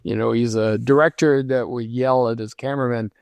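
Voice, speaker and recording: An older man recalls his career in an unhurried, reflective way, full of ums and restarts. His voice sits at an ordinary pitch. The sound is dry and close. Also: steady tone, vocal fry, a little mellow, clear, resonant tone, no echo. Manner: reflective storytelling, many fillers. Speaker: guest, lighting designer. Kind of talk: casual interview conversation.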